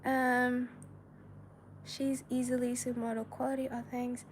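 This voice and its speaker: A woman's voice: a little high, flat delivery, measured pace, a little hiss or hum. Chatty giggly woman reading live chat. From China. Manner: chatty and giggly, many filler words. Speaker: livestream host. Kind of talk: casual livestream chat reading viewer messages.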